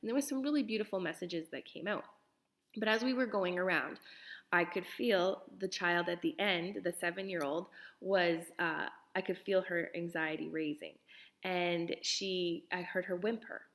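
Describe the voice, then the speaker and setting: A middle-aged woman, a parenting coach, talking earnestly to parents and dropping now and then into soft whispers. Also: on the low side, moderate pace. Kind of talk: casual talk to parents.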